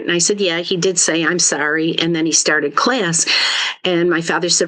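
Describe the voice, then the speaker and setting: A woman with a lowish voice tells stories from her childhood as a podcast guest. She talks reflectively and lifts her voice when she quotes her father. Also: normal speed. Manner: warm, reflective storytelling, quoting her father in lively bursts. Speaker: author guest. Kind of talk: storytelling in a podcast interview.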